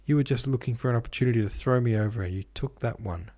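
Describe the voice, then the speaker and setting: A man reading the part of a hurt young woman pleading with the man she loves, in a soft, earnest voice. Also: mid-range voice, fast, lightly acted.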